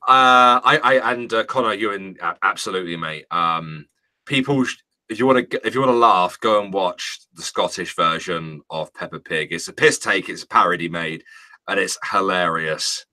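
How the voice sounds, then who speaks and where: A man's voice: deep voice, moderate pace, sharp tone. A British man, co-hosting a casual chat show, reading out news stories with jokes and casual swearing. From Britain. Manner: jokey, swears casually, frequent laughter.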